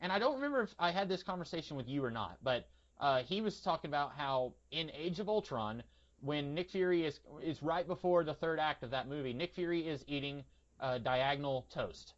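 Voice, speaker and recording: A young man hosts a casual podcast chat, rambling and circling back over his points. His voice sits a touch high, and the recording is dull and lo-fi. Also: expressive, brisk. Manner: rambling, many fillers and restarts.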